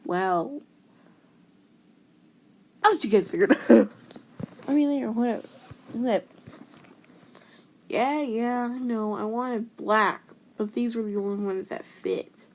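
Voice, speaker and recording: A woman's voice: on the high side, measured pace, pauses often, slight background noise. A woman casually reading memes aloud, giggly and playful, slipping into silly voices. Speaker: meme reaction video maker. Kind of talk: casual meme reading commentary.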